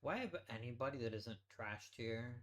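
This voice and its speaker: A man's voice: mid-range voice, lively intonation, brisk, fairly bright tone. A man hosting a let's play, giving casual gameplay commentary as he thinks aloud and swears offhandedly.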